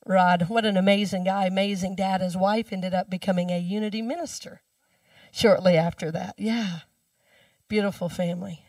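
A woman's voice: medium pitch, normal speed, dry recording. Woman, minister, conversational sermon, dry sound, bit distant from mic. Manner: conversational storytelling, speaks the mantra softly.

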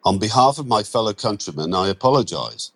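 A man voicing a smooth-talking British man who is chatty, breezy and persuasive. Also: lowish voice, big pitch swings, brisk, a bit bright, heavily acted. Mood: friendly.

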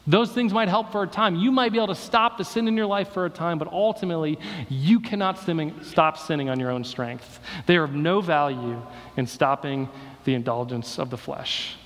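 A man's voice: on the high side, a little fast. A man preaching a sermon, delivering emphatic repeated rhetorical questions. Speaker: pastor. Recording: long reverb of a hall.

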